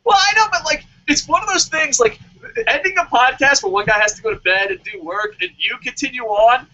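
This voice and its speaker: A man co-hosting a casual podcast, excitable and swearing often, with mock-dramatic outbursts. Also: very high-pitched, a little fast. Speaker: podcast co-host. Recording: dull lo-fi podcast audio.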